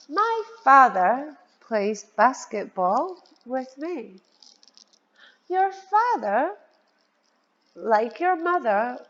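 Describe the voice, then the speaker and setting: A woman teaching a children's vocabulary lesson, spelling words out letter by letter in a slow, sing-song way. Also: a little high. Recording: dull lo-fi sound with long reverb.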